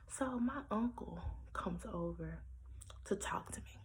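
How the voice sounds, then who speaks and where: A woman's voice: medium pitch, animated, a little slow, poor audio. A young woman vlogger telling a personal story to her viewers in a blunt, sassy way.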